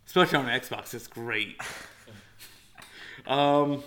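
Young man, podcast host, bright forceful voice, loose rambling chat, swears freely. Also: mid-range voice, drawn-out words, slight background noise. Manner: loose, swearing, laughing, filler-heavy talk. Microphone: one shared mic among three.

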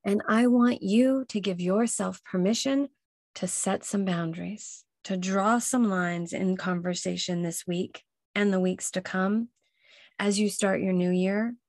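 A woman delivers a motivational talk at a slow, deliberate pace, leaning on each phrase and repeating her key lines. Her voice sits in a middle register, recorded dry and close with no room sound. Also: mid-range voice, fairly even intonation, darkish tone, no room sound. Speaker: podcast host. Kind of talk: motivational self-help talk.

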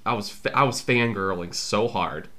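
A man's voice: lowish voice, moderate pace. Self-mocking young man chatting. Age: 20s. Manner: animated, self-mocking storytelling. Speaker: podcast host. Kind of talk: casual chat.

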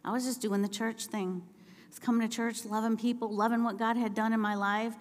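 A woman preaching a sermon in a church, telling personal stories and building to impassioned, shouted appeals. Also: fairly high pitch, steady tone, brisk, big-room sound. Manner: storytelling, rising to impassioned shouting. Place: church sanctuary.

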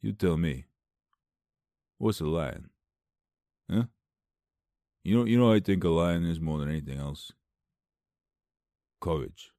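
A man voicing a cowardly lion as a gruff, mumbling tough guy with a streetwise drawl. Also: low voice, slow, pauses often, warm tone, no room sound, clean studio sound, pitched below the performer's own voice. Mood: brooding.

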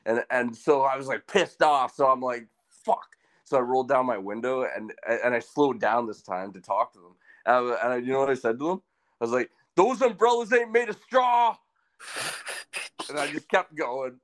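A man co-hosting a podcast, telling crude, deadpan jokes in casual chat. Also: mid-range voice, brisk. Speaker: podcast co-host.

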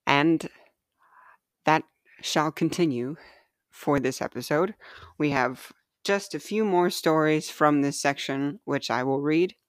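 A woman hosting a podcast and reading aloud from her own book in a gentle, measured, heartfelt way. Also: sits low, no echo, clean studio sound. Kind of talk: slow, earnest reading of personal writing.

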